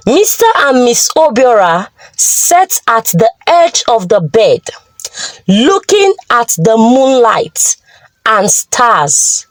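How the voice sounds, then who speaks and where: A woman narrating a folktale in a slow, expressive way. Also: fairly high pitch, no room sound, rough recording. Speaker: storyteller.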